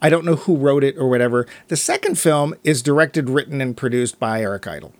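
A man co-hosting a casual podcast about a film, chatting and retelling its scenes in quick quoted asides. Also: medium pitch, sing-song, no echo. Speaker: podcast co-host.

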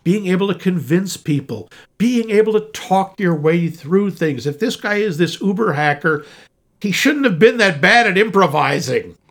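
A man in relaxed conversation, co-hosting a film review show. His voice sits a little high for a man, and he speaks with a dry, sarcastic, knowing tone. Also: moderate pace. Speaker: podcast co-host. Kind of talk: casual movie review chat.

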